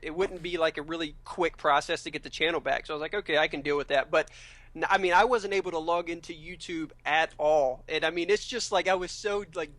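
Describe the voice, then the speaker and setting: A man's voice: fairly high pitch, fairly bright tone. A man, a gaming commentator, chatting casually as a podcast guest, hesitant and eating while he talks.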